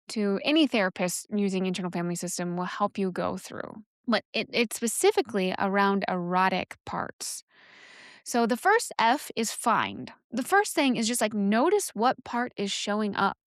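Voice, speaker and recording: A woman's voice: medium pitch, no echo. Woman host teaching candidly, lots of restarts and um's, dead dry room. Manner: frank, thinks aloud, many restarts and fillers. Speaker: sexuality educator and podcast host.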